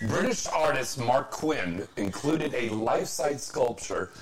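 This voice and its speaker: A man's voice: medium pitch, a little slow, a loud crowd, poor audio. A man hosting a casual chat, reading trivia aloud and cracking crude jokes. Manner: joking, crude, animated.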